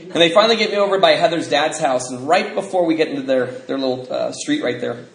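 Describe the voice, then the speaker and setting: A man speaking at a recovery convention, telling his story in an animated, self-mocking way and acting out the quotes. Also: on the high side, quick pace, vocal fry. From Washington State, USA. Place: large convention hall. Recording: echoey hall recording with background noise.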